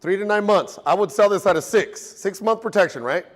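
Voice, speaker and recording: Man, detailing instructor, slightly high voice, casual and joking, classroom teaching. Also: a little fast, in a large hall. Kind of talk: classroom teaching to a live group.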